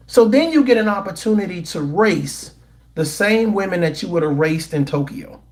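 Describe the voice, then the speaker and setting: Animated high-pitched man ranting to chat. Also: normal speed. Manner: animated, incredulous, repeats himself and restarts often. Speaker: commentary vlogger. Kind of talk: opinionated commentary to a live chat.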